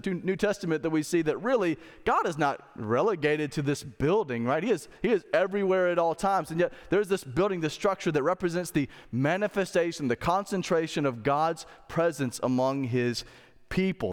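A man's voice: fairly high pitch, expressive, moderate pace. A man preaching a sermon as pastor, conversational, asking the congregation rhetorical questions. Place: church sanctuary. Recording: long reverb of a hall.

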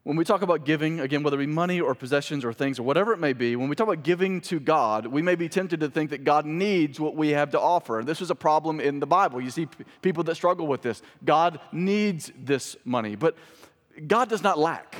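A man's voice: on the high side, lively intonation, fairly quick. Male pastor, 30s, chatty sermon delivery that swells on key points, reverberant hall. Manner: conversational preaching, rising for emphasis.

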